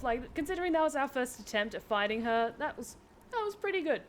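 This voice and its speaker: A woman streamer giving lively live gameplay commentary, reacting and reading game text aloud. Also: high voice, fast talker, slight background noise.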